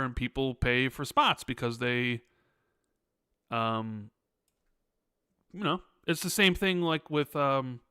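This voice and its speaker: A man co-hosting a podcast in a loose, rambling way, leaning on fillers as he talks. His voice is bright and crisp, a little higher than most, and the sound is dry and close. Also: takes it slowly, pauses often, no room sound. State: sore back. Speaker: podcast co-host. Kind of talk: casual podcast chat.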